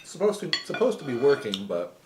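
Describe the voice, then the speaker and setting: A man's voice: mid-range voice, sing-song, brisk. A laid-back man guests on a casual cooking livestream and laughs easily. He drops short, agreeable remarks. A faint hiss runs under his voice. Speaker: guest chef.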